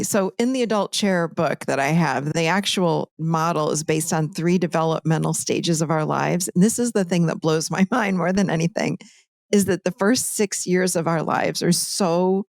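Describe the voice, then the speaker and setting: A woman as a podcast guest and author, explaining ideas with lively, animated storytelling in a conversational teaching style. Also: lowish voice, creaky, dry recording, clean studio sound.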